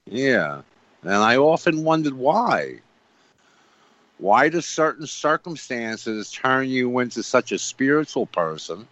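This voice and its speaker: A man's voice: medium pitch, sing-song, slow, a bit bright, no echo. A man on a radio show talking about faith emphatically, repeating himself and asking rhetorical questions. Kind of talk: preachy spiritual talk. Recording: dull lo-fi radio sound.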